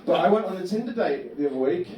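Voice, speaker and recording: A man doing a stand-up comedy set in a club, telling absurd stories deadpan. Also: sits high, fast talker, noisy background. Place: comedy club bar room. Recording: echoey club room from a distant mic.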